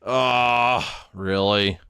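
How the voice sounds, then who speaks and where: A man's voice: lowish voice, fairly even intonation, extremely slow, bright, forceful tone, clean tone, no room sound, clean studio sound. A man with an Alabama Southern accent, live streaming a survival game and chatting casually in a rambling, filler-heavy way. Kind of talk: casual chat while gaming.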